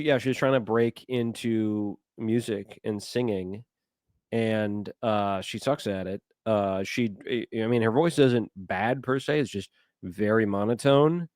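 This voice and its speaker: Rambling man, low dry voice. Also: darkish tone, no room sound. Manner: rambling, hesitant, many fillers. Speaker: podcast co-host. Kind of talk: casual chat.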